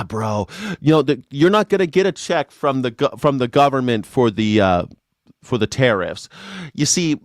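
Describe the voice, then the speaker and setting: A man's voice: mid-range voice, dry recording, studio quality. A man hosting casual political commentary, ranting profanely and sarcastically. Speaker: host.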